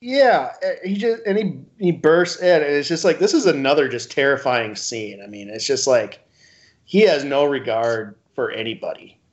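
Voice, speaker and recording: A man's voice: medium pitch, expressive, normal speed. A man co-hosting a casual podcast chat, hesitant with many fillers and chuckles. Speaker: podcast co-host. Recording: dull lo-fi podcast audio.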